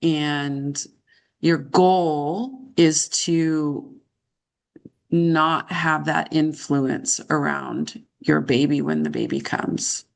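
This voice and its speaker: A woman practicing as a counselor, calmly paraphrasing and reflecting back what she hears. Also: deep voice, very slow, vocal fry. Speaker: counselor in training.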